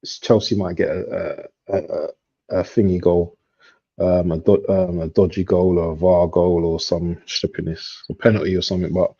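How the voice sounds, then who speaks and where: A man's voice: low voice, flat delivery, normal speed, mellow, slightly rough. A man hosting a casual football livestream chat, rambling with lots of fillers. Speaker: livestream host. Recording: dull lo-fi stream audio.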